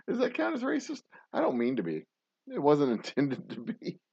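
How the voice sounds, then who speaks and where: A man's voice: fairly high pitch, darkish tone, breathy edge, dry recording, highs cut off. A man hosting a livestream, chatting casually in a rambling, joking, profane way and laughing often. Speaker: livestream show host.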